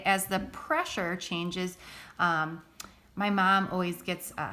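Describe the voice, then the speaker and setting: A woman's voice: lowish voice, fairly bright tone. A woman teaching a recorded science lesson in a casual, chatty way, often checking in with the listener.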